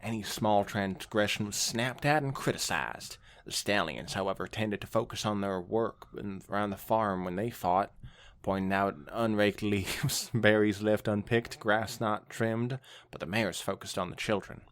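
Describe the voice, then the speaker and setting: A man's voice: fairly low pitch, a little slow, fairly bright tone. A man co-hosting a podcast, reading fan fiction aloud with dramatic narration and frequent laughter. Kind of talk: casual comedic reading and chat.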